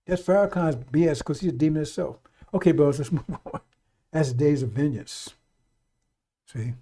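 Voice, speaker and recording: A man's voice: on the high side, normal speed, dark tone, breathy edge. A middle-aged man giving a fiery, off-the-cuff radio sermon, blunt and profane, repeating his warnings over and over. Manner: blunt, profane, repetitive exhortation. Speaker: radio preacher.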